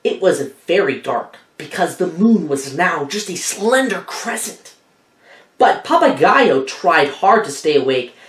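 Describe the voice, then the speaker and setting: Woman, storybook read-aloud, lively sing-song pitch, slow pace, echoey room. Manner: animated, asks listeners questions. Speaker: teacher reading aloud.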